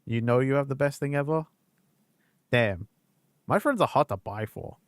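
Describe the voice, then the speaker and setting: A man's voice: mid-range voice, expressive, normal speed, no room sound. A man streaming a game and chatting casually with viewers, talking candidly, swearing freely and laughing at himself. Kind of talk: casual live-stream chat over gameplay.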